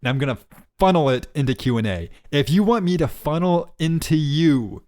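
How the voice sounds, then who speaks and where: A man's voice: a little high, expressive, normal speed, darkish tone. A young man co-hosting a podcast, bantering casually and joking around. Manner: joking, playful. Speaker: podcast co-host.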